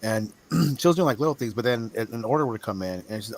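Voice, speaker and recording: A man with an ordinary mid-range voice talks casually and supportively, dropping frequent short agreements. He sounds relaxed and easygoing, like he is swapping stories with a friend. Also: medium pitch, fast, hardly any pauses. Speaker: guest and former business owner. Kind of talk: casual chat.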